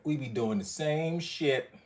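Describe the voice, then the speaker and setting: This man's voice sits on the high side and moves a little slowly. On a live stream he reacts to movie clips from in front of a screen indoors, animated, profane, and quick to laugh.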